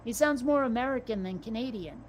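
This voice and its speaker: A woman co-hosting a casual chat, talkative and quick to swear, often restarting her sentences. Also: on the high side, slight background noise.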